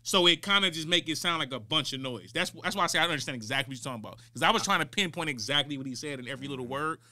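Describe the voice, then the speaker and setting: A man co-hosting a casual podcast, talking in an animated, slangy and agreeable way. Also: fairly high pitch, racing, dry recording, clean studio sound. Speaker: podcast co-host reacting to music. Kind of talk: casual reaction chat.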